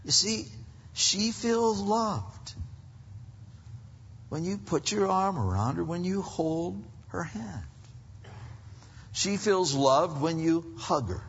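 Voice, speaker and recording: A man preaching a conversational sermon to husbands, animated and acting out little bits of dialogue. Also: high-pitched, slow pace, vocal fry, pauses often, slightly rough. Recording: muffled, reverberant hall.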